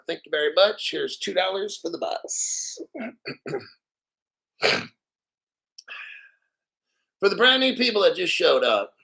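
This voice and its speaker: A man's voice: a little high, vocal fry, bright, forceful tone. Profane, combative male crypto host. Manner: profane, combative, mocking viewers. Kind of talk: angry livestream rant.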